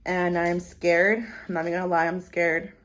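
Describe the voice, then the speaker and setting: Female vlogger, bright voice, anxious rambling rant to camera. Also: on the low side, little pitch movement, moderate pace. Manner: upset, rambling, swears freely. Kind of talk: casual personal vlog, venting. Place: at home, dog nearby.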